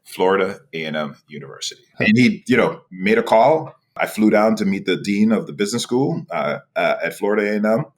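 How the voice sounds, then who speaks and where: Man from new york, very deep voice, animated storyteller, restarts often, guest on a podcast. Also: a little fast, few pauses. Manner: animated, frequent laughs and restarts, rhetorical "right?". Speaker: podcast guest, executive director. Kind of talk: storytelling interview.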